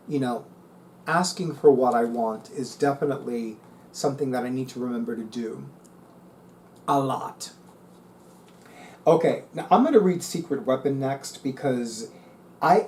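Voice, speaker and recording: A man's voice: mid-range voice, darkish tone, a little hiss or hum. A middle-aged man reading tarot articles aloud and musing on them in a casual, chatty way. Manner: musing, reads aloud then comments. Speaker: tarot reader.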